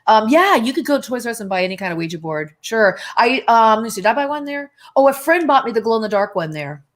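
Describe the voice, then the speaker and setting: A woman in her sixties is a guest on a live video-call chat, talking chattily and laughing often in a casual interview. Her voice is fairly high, with lively intonation and a quick pace.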